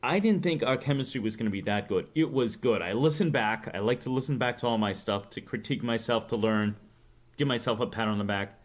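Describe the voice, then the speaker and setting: A man's voice: medium pitch, brisk. A man with a New England accent chatting casually to his stream viewers, rambling and joking at his own expense. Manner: rambling, joking, self-deprecating. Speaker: streamer host.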